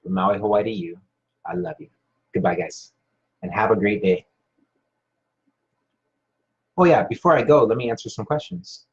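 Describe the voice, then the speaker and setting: A man's voice: fairly low pitch, brisk. A man hosting a live stream, casually rambling with many fillers and restarts while reading viewer comments. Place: Hawaii. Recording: dull lo-fi sound.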